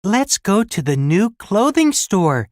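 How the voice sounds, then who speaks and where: A woman voicing a friendly young boy in a scripted textbook listening dialogue, speaking slowly and carefully. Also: medium pitch, big pitch swings, no room sound, studio quality. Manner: slow, careful, clearly spoken lines. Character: friendly young boy planning a shopping trip.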